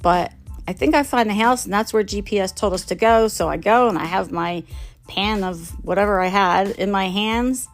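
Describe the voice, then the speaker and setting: Against faint background music, a middle-aged storyteller host with a mid-range voice speaks at a moderate pace, recounting funny tales of her own blunders. She's self-mocking, laughs a lot, and acts out the voices of the people she quotes.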